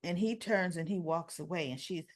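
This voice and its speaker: A woman hosting a casual soap opera recap, retelling scenes and acting out the characters' lines with lively emphasis. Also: lowish voice, normal speed.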